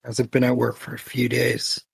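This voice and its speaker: A man playing a tabletop role-playing game, describing his character's actions in short, low-key lines. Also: monotone, normal speed, vocal fry, breathy edge, dry recording. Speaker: player.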